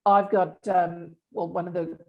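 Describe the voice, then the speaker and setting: A woman's voice: fairly low pitch, little pitch movement, measured pace, lo-fi sound. A woman, a bias specialist answering interview questions in an earnest, explanatory way. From Australia. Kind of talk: interview conversation.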